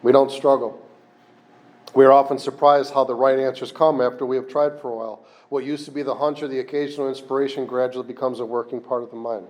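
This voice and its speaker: A man's voice: mid-range voice, flat delivery, fast, a little mellow. Candid, rambling man at a recovery meeting. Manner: candid, rambling, self-deprecating with restarts. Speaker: AA speaker. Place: meeting room with a fan.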